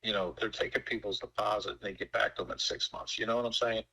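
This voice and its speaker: Folksy man in his sixties, bright. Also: fairly low pitch, fairly even intonation, quick pace, creaky, husky, low-quality recording. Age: 60s. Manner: folksy, emphatic storyteller. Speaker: pool company owner. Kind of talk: casual sales call.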